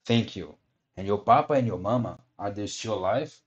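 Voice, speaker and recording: Guy reading a gruff hoarse puppet showman, big beard, loud and slow, low voice. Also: animated, lo-fi sound, lightly acted. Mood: blustering. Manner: loud, slow, booming delivery with sneezes. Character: gruff bearded male puppet showman, blustering but soft-hearted. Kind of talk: storybook reading.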